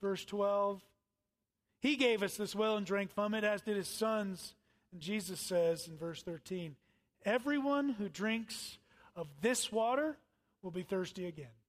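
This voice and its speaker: Middle-aged male pastor, high voice, sermon delivery, dynamic swings from loud to hushed. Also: expressive, measured pace. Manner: swings from loud emphatic lines to quiet near-whispers.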